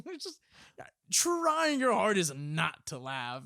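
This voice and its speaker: A man's voice: high-pitched, huge pitch swings, takes it slowly, creaky, no echo. Man in his twenties, former Marine, profane casual storytelling, dry close sound. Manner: profane, laughing, acts out drill instructors loudly. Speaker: podcast guest, former Marine.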